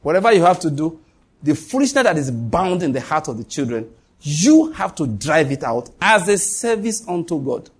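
A man's voice: fairly high pitch, big pitch swings, normal speed, breathy edge. A man preaching a sermon as pastor, emphatic, repeating key lines and dropping joking asides.

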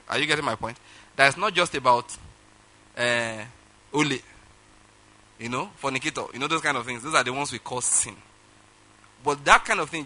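A pastor with a Nigerian English accent and a mid-range voice tells a personal story during his sermon. His delivery swings suddenly between loud and soft.

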